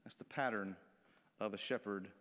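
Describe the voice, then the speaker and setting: A man's voice: on the low side, fairly even intonation, moderate pace, a bit bright. A man preaching a sermon as a pastor, in a folksy, conversational way, breaking into acted-out quotes. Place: church sanctuary. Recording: long reverb of a church hall.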